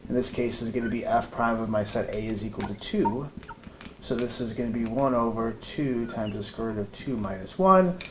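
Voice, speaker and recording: Man teaching math over clear noise. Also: medium pitch, normal speed. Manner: thinks aloud with many fillers and restarts. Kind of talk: informal whiteboard math lesson. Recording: noisy room recording.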